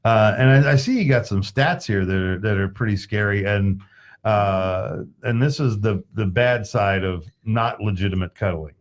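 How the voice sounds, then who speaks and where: A man's voice: lowish voice, normal speed. A man in his late fifties hosting a casual talk show, rambling and folksy, with many fillers. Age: 50s. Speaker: podcast host. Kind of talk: casual chat.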